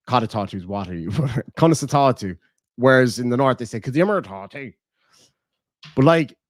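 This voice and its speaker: A man's voice: mid-range voice, dry recording, studio quality. A man with a southern Irish accent chatting casually on a livestream, blunt and profane. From Ireland. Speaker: streamer.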